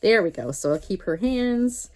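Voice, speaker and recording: A woman's voice: medium pitch, animated, moderate pace, darkish tone. A woman host chatting casually while she makes a craft page, rambling through stories and talking to herself as she works.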